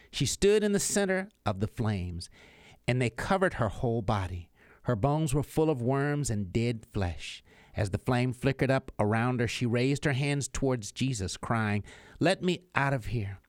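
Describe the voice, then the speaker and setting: A man reads a religious book aloud with earnest, pleading emphasis. His pitch moves freely up and down, and the recording is close and dry, without room echo. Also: lively intonation, normal speed, a little mellow. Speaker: audiobook reader.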